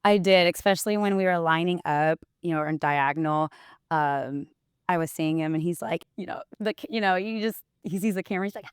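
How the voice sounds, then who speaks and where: A woman's voice: lowish voice, a little fast, clear, resonant tone, no echo, clean studio sound. A young woman, chatting as an interview guest and telling stories while quoting others. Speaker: interview guest, wellness bodybuilder. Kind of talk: casual interview chat.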